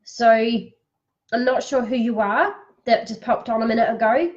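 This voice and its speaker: Slow soothing woman, tearful, lo-fi stream. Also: on the high side, fairly even intonation. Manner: slow, soothing, guiding breathing. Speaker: psychic reader on a live stream. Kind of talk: live-streamed spiritual reading.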